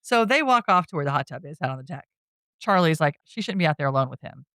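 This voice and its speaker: A woman podcast host casually retelling a film plot, chatty and quick to laugh. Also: sits low, expressive, pushed and bright, no echo, clean studio sound.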